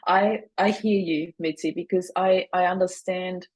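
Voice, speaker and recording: A middle-aged woman, a guest on an interview about grief, gives earnest, reflective answers drawn from her own experience. Her voice is lowish and darkish, with fairly even intonation and a measured pace, but the audio quality is poor.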